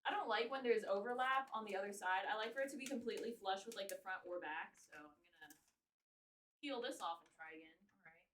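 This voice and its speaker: A woman's voice: mid-range voice, fast, a bit bright, a little hiss or hum. A young woman streaming live, chatting casually while she wraps gifts. She swears freely and laughs often. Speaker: livestreamer. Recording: roomy sound from a distance.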